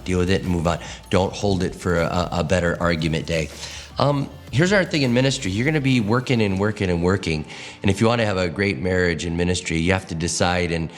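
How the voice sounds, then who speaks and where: A man, a pastor, giving a teaching talk to church leaders, telling stories expressively and acting out quotes. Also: deep voice. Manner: expressive, animated storytelling with acted quotes.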